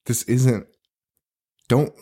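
A man's voice: medium pitch, steady tone, very slow, warm tone, husky. A man co-hosting a casual horror podcast chat, talking loosely with lots of swearing and restarts. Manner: loose and profane, swears often; rambling, with restarts. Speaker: podcast co-host.

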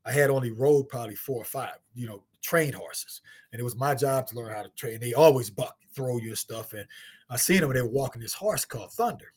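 A middle-aged man from St. Louis with a husky voice tells a story in casual talk, acting out the other people's lines in high voices and laughing often. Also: a little fast, darkish tone. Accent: St. Louis, African American Vernacular English. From St. Louis, USA. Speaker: guest storyteller, martial artist.

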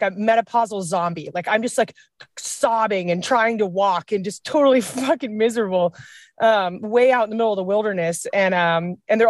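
Woman from washington telling funny hiking stories, laughs a lot, acts out voices, middle pitch, dry sound. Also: no room sound. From Washington state. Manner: animated, laughs often, acts out quotes. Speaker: podcast guest, outdoor comedy writer. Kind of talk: casual storytelling chat.

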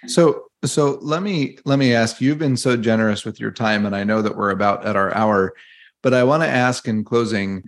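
A man's voice: fairly low pitch, moderate pace. A man hosting a podcast interview in an easygoing way, leading into a closing question. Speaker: podcast host.

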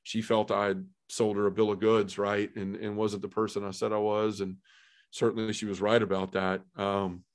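A man's voice: fairly low pitch, flat delivery, normal speed. A middle-aged man telling his own story as a podcast guest, earnest and heartfelt, with lots of "you know" and "man". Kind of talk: personal testimony in a podcast conversation.

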